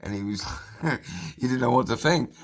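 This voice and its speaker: A man's voice: medium pitch, lively intonation, normal speed. A man telling a rambling personal story, swearing freely and repeating himself. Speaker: vlogger.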